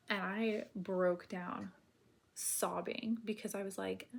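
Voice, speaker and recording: A woman telling her own birth story in casual, rambling speech full of filler words, now and then dropping to a soft near-whisper. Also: medium pitch, steady tone, slow, creaky, slight background noise.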